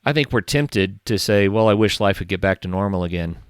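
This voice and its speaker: A man's voice: lowish voice, expressive, brisk, clean tone, dry recording, studio quality. A man hosting a podcast interview, thinking aloud in a reflective way. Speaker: podcast host. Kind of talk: conversational interview.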